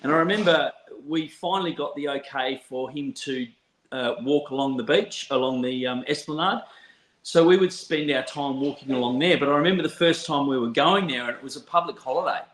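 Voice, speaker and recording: A man with an Australian accent telling a story from his counselling work in a relaxed chat, laughing often and restarting sentences. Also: on the high side, brisk. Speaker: counsellor, podcast guest. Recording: roomy echo.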